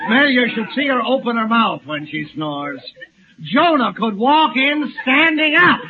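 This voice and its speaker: An actor playing a gloomy, henpecked middle-aged lodge president who grumbles in mournful wisecracks, in 1940s radio sitcom style. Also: male voice, very high-pitched, animated, unhurried, a loud crowd. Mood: glum. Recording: tinny old radio broadcast, loud hiss, studio audience.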